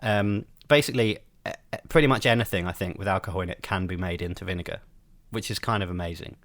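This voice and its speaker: A man's voice: low-pitched, fast talker, a bit bright, no room sound, studio quality. A man co-hosting a podcast, chatting casually and hesitantly with many ums. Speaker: podcast co-host. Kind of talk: casual chat.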